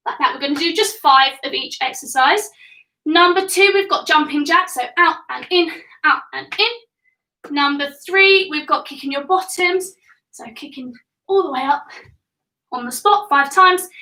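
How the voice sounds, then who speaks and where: A young woman coaches a live home workout for kids in a home room, upbeat and encouraging as she counts reps and gets a little out of breath. Her voice is high-pitched and sharp, recorded from a distance with roomy, poor audio.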